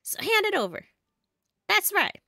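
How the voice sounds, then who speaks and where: A woman's voice: very high voice, very animated, unhurried, vocal fry, pushed and bright, dry recording, clean studio sound, voice pushed up, exaggerated voice. A woman voicing bossy, bratty kids in a game, whiny and pushy. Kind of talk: reading game dialogue aloud.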